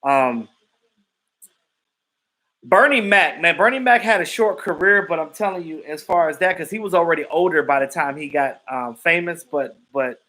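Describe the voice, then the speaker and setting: Man, live stream host, high voice, bright and forceful, animated casual chat. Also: normal speed, poor audio. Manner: animated, laughs often, acts out quotes. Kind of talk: casual chat reacting to viewers.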